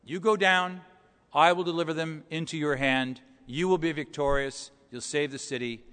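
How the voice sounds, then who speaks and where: A man's voice: on the high side, fairly even intonation, normal speed, a bit bright, smooth, in a large hall. A man preaching a sermon, explaining scripture verse by verse in a conversational way with rhetorical questions.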